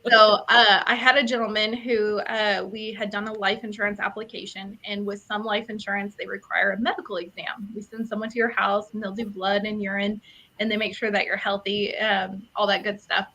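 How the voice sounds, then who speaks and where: A woman's voice: mid-range voice, a little fast, rough recording. A woman telling a funny story from her work as an insurance agent, in casual podcast chat. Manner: laughing storyteller, animated.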